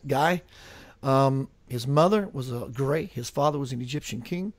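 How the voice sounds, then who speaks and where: Earnest male host, a touch high-pitched, dry close sound. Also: darkish tone, no room sound. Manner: earnest, emphatic, fervent. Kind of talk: casual talk show conversation.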